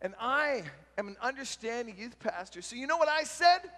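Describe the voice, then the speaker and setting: High-voiced man in an echoing hall. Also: normal speed, slight background noise. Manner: animated storyteller who shouts out the punchlines. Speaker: youth pastor. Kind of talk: storytelling talk at a youth retreat. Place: large retreat meeting hall. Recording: long hall reverb from a live talk.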